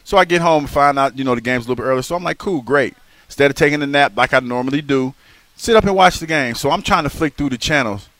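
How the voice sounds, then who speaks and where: Animated man on sports radio, close dry mic. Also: medium pitch, fast talker, no room sound. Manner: animated storyteller who repeats and restarts phrases. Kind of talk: casual sports radio banter. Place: live remote broadcast at a racetrack. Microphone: broadcast microphone.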